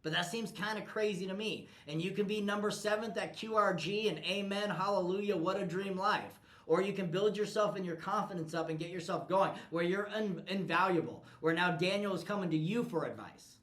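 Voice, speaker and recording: A man's voice: high-pitched, fairly quick, hardly any pauses, echoey room, poor audio. A man coaching his team in a blunt, profane motivational talk. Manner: forceful, profane, pushy.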